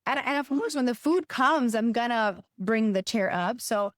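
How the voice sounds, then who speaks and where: A woman's voice: fairly high pitch, expressive, moderate pace, no room sound, clean studio sound. A middle-aged woman co-hosting a podcast, telling a story in a casual, hesitant way with many restarts and fillers. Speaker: podcast co-host.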